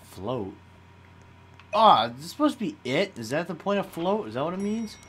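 A man's voice: on the high side, very animated, moderate pace, a bit bright, husky. Jumpy, swearing young man gaming. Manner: swearing, jumpy reactions to scares. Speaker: gaming channel host. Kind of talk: casual gameplay commentary.

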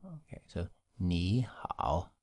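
A man's voice: low voice, big pitch swings, takes it slowly, a little mellow, slightly rough. A man acting as the student, repeating syllables after the teacher and adding dry joking remarks. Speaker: learner.

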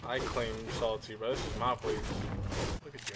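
A man giving excitable, profane play-by-play while he plays an online shooter, taunting opponents. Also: mid-range voice, normal speed. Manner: excitable, cursing, trash-talking. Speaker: gaming commentator. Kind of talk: live gameplay commentary. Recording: loud gunfire and game noise. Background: loud game gunfire and explosions.

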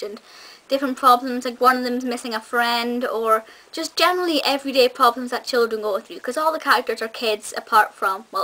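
A woman's voice: on the high side, sharp tone, low-quality recording. A young woman chatting enthusiastically to camera in a casual review, with frequent ums and restarts. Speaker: video reviewer.

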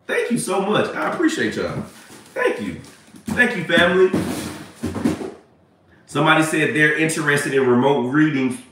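A man's voice: a little high, very animated, moderate pace, long pauses, fairly bright tone, distant mic, a little hiss or hum. A man hosting a casual live stream, chatting with viewers and laughing often. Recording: echoey room, away from mic.

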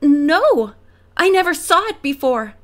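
A woman's voice: high-pitched, very animated, normal speed, a bit bright. A woman voicing a composed girl detective. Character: teenage girl detective, calm and sharp.

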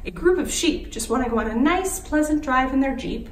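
A woman's voice: high-pitched, brisk. A woman who works as a children's librarian, reading a picture book aloud to young children, gasping often and asking them questions. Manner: animated and exclamatory, gasping and asking the kids questions. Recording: echoey room, mic at a distance, faint background noise.

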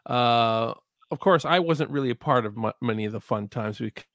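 A man hosting a relaxed group video chat, laughing often as he talks with his cast. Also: medium pitch, normal speed, no room sound, studio quality. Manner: laid-back, laughs often. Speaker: podcast host and director.

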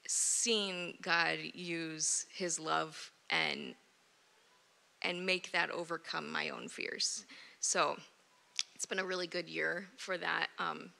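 A woman's voice: lowish voice, creaky, bright, forceful tone. A woman hesitantly sharing a testimony at a church service. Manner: hesitant, with lots of fillers. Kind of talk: personal testimony. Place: church service before a congregation. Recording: long reverb of a church hall.

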